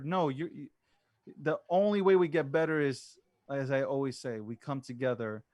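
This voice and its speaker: A man's voice: mid-range voice, dry recording, studio quality. A man hosting an interview, talking casually in a loose, repetitive, slangy way that includes swearing. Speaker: host.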